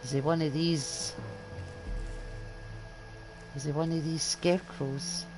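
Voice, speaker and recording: A woman's voice: sits low, fairly even intonation, takes it slowly, over music, rough recording. An older woman from Scotland with a Scottish accent, giving chatty, wry commentary while she plays a game. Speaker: gaming YouTuber. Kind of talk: casual gameplay commentary.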